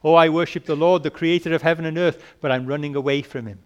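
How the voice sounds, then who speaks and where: Man reading an indignant prophet, sermon quote, emphatic and rather high. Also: fairly even intonation, fast, close to an everyday voice. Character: indignant male prophet grumbling to God.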